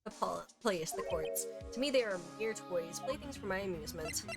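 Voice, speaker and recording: A woman's voice: medium pitch, animated, brisk, over loud music, close to an everyday voice. A woman reading aloud for a smug, arrogant male villain in a game, in a pompous, condescending manner. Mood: haughty.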